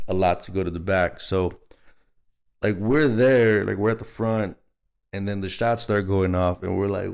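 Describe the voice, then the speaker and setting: A man's voice: lowish voice, vocal fry, darkish tone, clean tone. A young man from Texas, telling a personal story in a rambling, casual way, full of "like" and "you know what I mean". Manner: rambling, filler-heavy, laughing storyteller.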